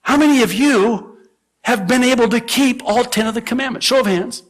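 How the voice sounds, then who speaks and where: A man pastor teaching a verse-by-verse Bible sermon, animated, with sudden emphatic rises and chuckles at his own asides. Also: extremely high pitch, moderate pace.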